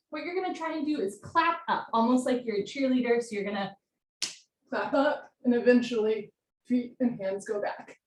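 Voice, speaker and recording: A young woman leads a live yoga class, firing off brisk step-by-step cues in a slightly high voice and getting breathy as she moves through the poses herself. She sounds set back from the mic in a roomy space, with a faint hiss underneath. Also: far from the mic. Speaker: yoga teacher. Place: room at home, live video call.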